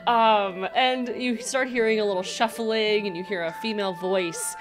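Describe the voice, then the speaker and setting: A woman's voice: medium pitch, steady tone, moderate pace, soft background music. A woman narrating as dungeon master in a tabletop game, chatty and full of ums. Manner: chatty, hesitant with many ums.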